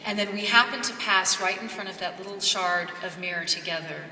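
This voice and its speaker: A woman's voice: medium pitch, a little fast, sharp tone. Earnest woman in an echoey ballroom. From Kentucky. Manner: earnest, off-the-cuff, heartfelt. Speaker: gala speaker. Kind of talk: extemporaneous speech. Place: large gala ballroom. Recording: echoey hall from far off, faint ambience.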